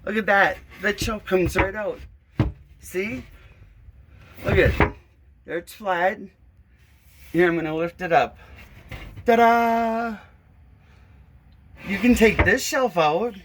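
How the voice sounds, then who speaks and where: A woman with a mid-range voice films a complaint video on her phone inside a small closet in her home, with background noise audible. She narrates the walkthrough casually at a measured pace, pausing often, pointing things out in exasperation and swearing now and then.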